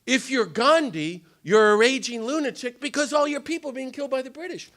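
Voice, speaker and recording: A man giving an animated storytelling talk to a gathering, fast and excitable, with a theatrical delivery. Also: very high voice. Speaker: speaker at a nonviolence day. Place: indoor gathering room.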